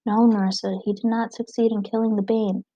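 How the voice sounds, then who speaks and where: Woman reading as a calm learned royal advisor. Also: medium pitch, fairly quick, no room sound, dull audio, close to an everyday voice.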